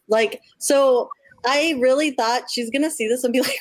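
A woman's voice: sits high, moderate pace, no echo. Woman cohost gushing at her friend, laughs a lot, swears, dead dry sound. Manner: effusive, laughs often, swears casually. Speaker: podcast co-host. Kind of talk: casual chat.

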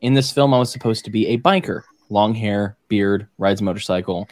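Animated man telling a story. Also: lowish voice, moderate pace, dry recording. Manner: animated, acts out quoted voices with swearing. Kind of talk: casual storytelling among friends.

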